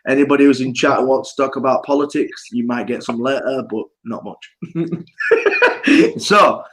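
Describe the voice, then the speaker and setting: A man hosting a casual livestream chat show, loud and bantering, laughing often. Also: mid-range voice, steady tone, a little fast, poor audio. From United Kingdom. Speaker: host.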